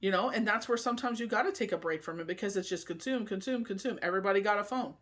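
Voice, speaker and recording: In a chatty, rambling forecast, this tarot and oracle reader slowly reads the meanings of her cards aloud and keeps asking "you know what I mean." Her voice sits mid-range with a fairly bright tone.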